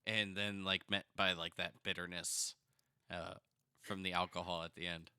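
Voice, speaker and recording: A man narrating a tabletop game as game master, relaxed and halting, with many fillers. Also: sits low, clean tone, no room sound, studio quality.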